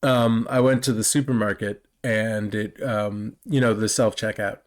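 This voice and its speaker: A man's voice: fairly low pitch, fairly even intonation, normal speed. Wry man in his forties chatting. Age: 40s. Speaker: podcast co-host. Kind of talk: casual chat.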